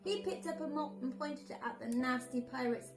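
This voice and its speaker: High-voiced nursery storyteller in an echoey room. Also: female voice, moderate pace, soft background music. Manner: lively, expressive. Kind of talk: bedtime story reading.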